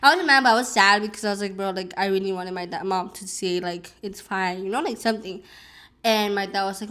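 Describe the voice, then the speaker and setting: A woman's voice: mid-range voice, brisk, a bit bright. A young woman vlogger at home, casually telling a long personal story while eating, rambling with many fillers and restarts.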